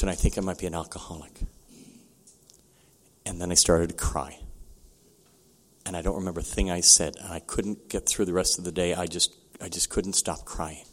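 An older man telling his own recovery story at a meeting, candid and halting, with many restarts. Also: on the low side.

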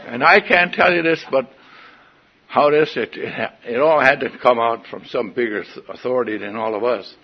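A man's voice: mid-range voice, normal speed, slightly rough, highs cut off. An older man giving a folksy, wry personal testimony at a meeting, in front of an audience. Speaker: recovery meeting speaker.

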